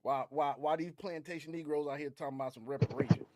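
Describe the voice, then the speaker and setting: A man's voice: fairly high pitch, steady tone, fast, darkish tone, dry recording, studio quality. A man co-hosting a stream, giving casual, joking commentary with heavy slang and cursing. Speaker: stream co-host.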